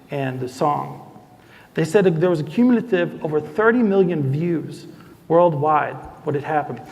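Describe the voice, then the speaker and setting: Gravelly young man telling a story in a hall. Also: high voice. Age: young adult. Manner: animated, acts out quoted voices. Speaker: speaker. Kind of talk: storytelling talk. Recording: long hall reverb.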